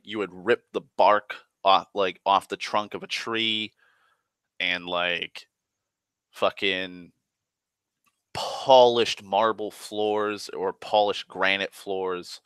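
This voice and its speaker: A man's voice: lowish voice, pushed and bright, clean tone, dry recording. A man retelling a tabletop game session in a rambling, profane way, full of fillers and restarts. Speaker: storyteller.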